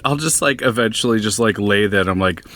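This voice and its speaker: A man's voice: on the low side, a bit bright, faint music behind. A man playing a tabletop game who chats casually and protests playfully. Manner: playful, protesting, quick to laugh. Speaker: player.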